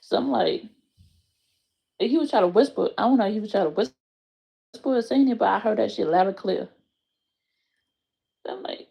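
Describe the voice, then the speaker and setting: A woman with tells a casual story in a gravelly, mellow mid-pitched voice. She is animated and swears freely, leaping up in pitch when she acts out quotes. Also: normal speed, pauses often. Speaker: aunt telling a story.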